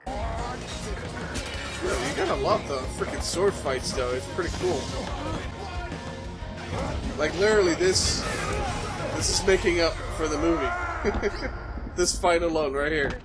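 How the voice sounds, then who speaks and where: A man hosting a casual anime reaction, excitable, swearing and yelling at the screen. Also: a little high, measured pace, pauses often, loud music behind the voice.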